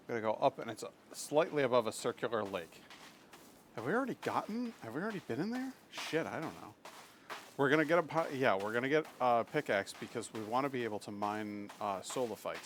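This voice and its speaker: With slight background noise, a man with a mid-range voice streams from home and chats casually with his audience. He's talkative and occasionally gushes at his dog in baby talk.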